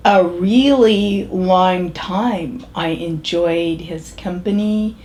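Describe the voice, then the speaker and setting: An actress performing a monologue as a pragmatic, matter-of-fact middle-aged woman, speaking in a measured, halting way with pauses and restarts. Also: lowish voice, a little mellow. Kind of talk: character monologue.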